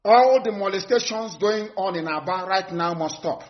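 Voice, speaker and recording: A man delivers a live broadcast address, his voice pitched high for a man. He hammers home threats and warnings, repeating phrases for emphasis. The audio is dull and lo-fi. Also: moderate pace. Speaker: movement leader.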